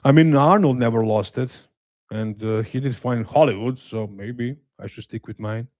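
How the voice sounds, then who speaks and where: A man with a Slavic accent hosting a live watch-along stream, reading chat aloud and answering in a relaxed, hesitant, self-deprecating way with dry humor. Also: mid-range voice, normal speed, dry recording. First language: a Slavic language. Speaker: livestream host reading chat.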